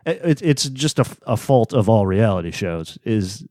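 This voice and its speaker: A man's voice: lowish voice, big pitch swings, moderate pace, a little mellow, dry recording, studio quality. A man co-hosting a podcast in casual chat, laid-back, swearing now and then and acting out quotes. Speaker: podcast co-host.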